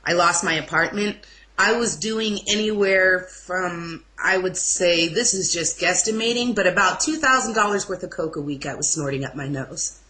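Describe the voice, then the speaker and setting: Bright-voiced young woman telling her story. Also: fairly low pitch, rough recording. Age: young adult. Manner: emotional, halting, with restarts and apologies. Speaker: interview guest. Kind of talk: personal testimony in an informal interview.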